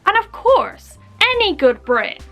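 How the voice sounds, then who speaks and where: Young Bristol woman vlogger, playful and jokey, high-pitched with light music under her. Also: big pitch swings, takes it slowly, fairly bright tone. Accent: Bristol English. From Bristol, England. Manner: playful, jokey, puts on exaggerated local phrases. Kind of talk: comic explainer vlog.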